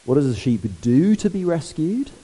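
A man preaching a sermon, lively and conversational, asking the congregation questions. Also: a little high, moderate pace, low-quality recording.

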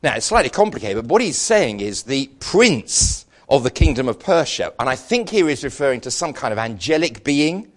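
A man's voice: medium pitch, sing-song, normal speed, hardly any pauses. A middle-aged Englishman preaching a sermon, telling stories with self-deprecating humour.

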